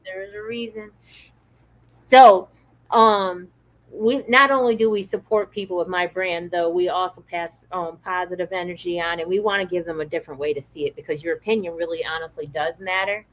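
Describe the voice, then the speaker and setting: A woman's voice: fairly low pitch, fairly even intonation, normal speed, rough recording. A woman hosting a podcast, giving earnest, encouraging advice about positivity. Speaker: podcast host. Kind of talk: motivational podcast talk.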